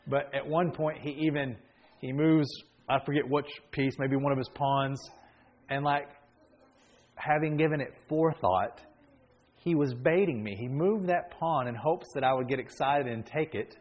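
A man in his thirties preaching as a pastor, telling a family story in a relaxed way and then building into emphatic preaching, often restarting his sentences. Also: mid-range voice, normal speed, muffled recording. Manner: frequent restarts and fillers. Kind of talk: sermon.

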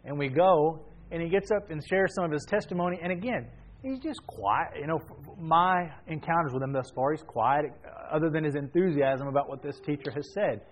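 A male pastor tells a personal story in a sermon, casual and conversational. His voice sits slightly high, and he often restarts his sentences as he talks. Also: a little fast, highs cut off. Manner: casual and chatty, with frequent restarts.

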